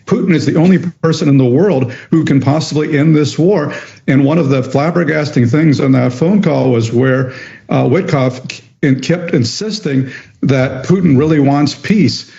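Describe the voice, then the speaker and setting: Gravelly analyst man in a TV clip. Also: fairly high pitch, normal speed, mellow, lo-fi sound. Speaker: political analyst guest on a TV news clip. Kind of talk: TV news interview commentary.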